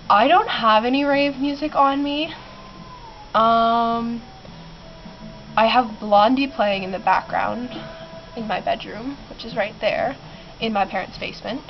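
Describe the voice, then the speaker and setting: A woman's voice: on the high side, takes it slowly, pauses often, soft background music. A teenage girl who is sick, rambling and giggling through a casual vlog from her bedroom, with many ums. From Canada. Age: teens. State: sick, clearing her throat. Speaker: vlogger. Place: bedroom in a basement. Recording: muffled lo-fi with clear background noise.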